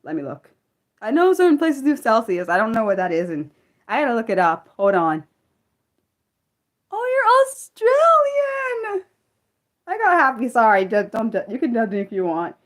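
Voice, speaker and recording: A woman's voice: mid-range voice, very animated, a little fast. A young woman from the United States hosting an unscripted livestream, rambling with many fillers and restarts as she chats with viewers. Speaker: livestream host.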